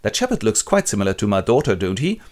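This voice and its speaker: A man's voice: on the low side, very animated, fast, darkish tone. A man doing a laid-back exiled duke. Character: easygoing exiled duke, older father.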